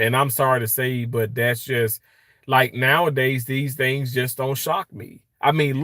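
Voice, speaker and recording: Bright-voiced man chatting on a livestream. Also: medium pitch, dry recording, studio quality. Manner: reads viewer comments aloud and greets them; chatty, rambling with many fillers. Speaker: livestream host. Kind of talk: casual livestream chat. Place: hospital workplace.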